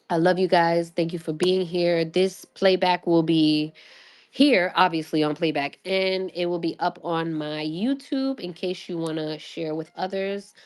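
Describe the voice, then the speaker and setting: A woman hosting a casual livestream, excitable and rambling, swearing freely and laughing often, with many restarts. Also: lowish voice. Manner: rambling with frequent restarts and fillers. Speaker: livestream host.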